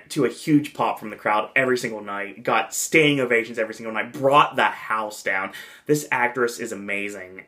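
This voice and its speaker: A man with a mid-pitched, everyday voice talks through a review in casual podcast style. He rambles excitedly and piles on "um," "uh," and "like" as he goes. He speaks as the show's host. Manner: rambling, enthusiastic, many fillers. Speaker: podcast host reviewing a theme park event.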